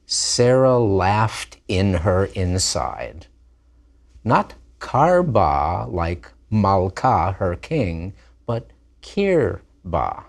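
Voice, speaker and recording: A man giving a scripted lesson, lively and deliberate as he sounds out words. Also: low-pitched. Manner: animated, plays with vowel sounds. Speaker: teacher.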